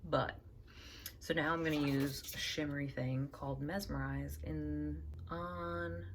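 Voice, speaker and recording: Young woman, low gravelly voice, rambling casual makeup chat, faint room hiss. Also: steady tone, a little slow. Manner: rambling, chatty, many fillers and asides. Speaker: makeup vlogger.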